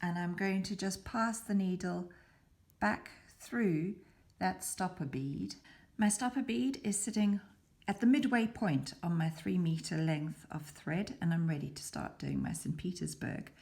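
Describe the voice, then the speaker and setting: This beading tutor's voice is fairly low, creaky and darkish, and she never rushes. Her step-by-step demonstration is patient and methodical, with the odd whisper slipping out as she concentrates.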